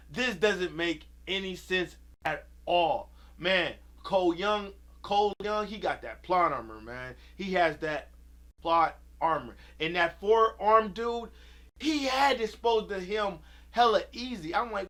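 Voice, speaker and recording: A man's voice: high voice, lively intonation, unhurried, fairly bright tone. A man giving an angry, profane rant about a movie, repeating himself as he vents. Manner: heated, profane, repetitive ranting. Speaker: video creator.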